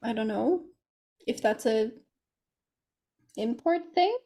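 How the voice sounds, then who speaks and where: Woman host asking measured questions. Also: on the high side, animated, warm tone. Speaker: podcast host. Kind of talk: casual interview.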